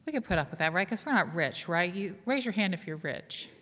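A woman pastor preaches a conversational sermon in a slightly low voice. She keeps asking the congregation questions and jokes at her own expense. Her voice rings with the long reverb of a church sanctuary. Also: animated, brisk, a bit bright. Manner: conversational, asks the congregation questions, self-deprecating humor.

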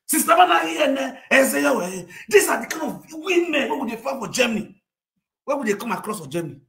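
Animated Nigerian man, high voice. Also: fairly quick, creaky. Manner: animated, bursts into shouts, mixes Pidgin and local languages. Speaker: comedic storyteller. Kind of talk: comic rant sharing gossip. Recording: roomy echo.

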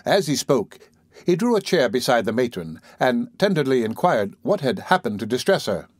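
A man reading a classic novel aloud as an audiobook narrator, in a measured, theatrical way. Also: medium pitch, very animated, breathy edge, no echo, studio quality. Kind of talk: scripted narration.

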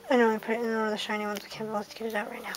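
A young woman in her twenties from the United Kingdom, murmuring card names one by one in a soft list and reacting with small bursts of excitement as she opens packs. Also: a little high, rapid-fire, faint music behind, rough recording. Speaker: card-opening vlogger. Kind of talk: casual card-opening commentary.

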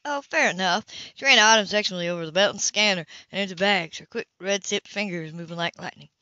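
A woman's voice: fairly low pitch, steady tone, fast, bright, forceful tone, no room sound, muffled recording. A woman reading a novel aloud as an amateur narrator, with small slips and restarts. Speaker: amateur audiobook reader.

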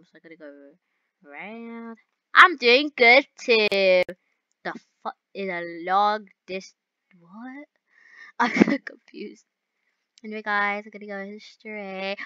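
A young woman playing a game and chatting to her viewers, bubbly and giggly, with excited outbursts. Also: medium pitch, dry recording, lo-fi sound. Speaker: gaming YouTuber. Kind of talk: excited gameplay commentary.

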